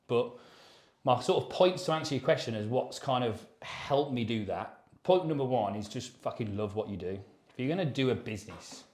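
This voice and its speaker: A man's voice: mid-range voice, lively intonation, moderate pace, a little mellow. A man in his thirties, co-hosting a podcast, chatting loosely and swearing as he rambles through his story. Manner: rambling, sweary and matter-of-fact. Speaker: podcast co-host. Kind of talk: casual chat. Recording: echoey room.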